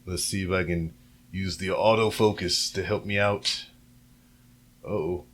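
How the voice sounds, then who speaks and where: A lower-voiced man rambles solo to a camera at home, hosting his podcast. He keeps it loose and profane, full of fillers and side trails. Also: steady tone, unhurried, a bit bright. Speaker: podcast host. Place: home recording setup with camera and computer. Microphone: camera and computer setup, a little off-axis at times.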